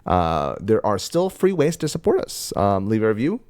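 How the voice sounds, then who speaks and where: A man's voice: on the low side, huge pitch swings, normal speed, a little mellow, smooth, no room sound, clean studio sound. A man co-hosting a podcast in casual chat, joking and playful. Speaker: podcast co-host.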